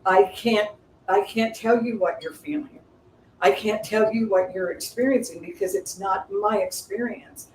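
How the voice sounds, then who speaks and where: A woman guest speaker calmly explaining a spiritual teaching in a thoughtful way. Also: mid-range voice, measured pace. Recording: roomy, distant mic with faint noise.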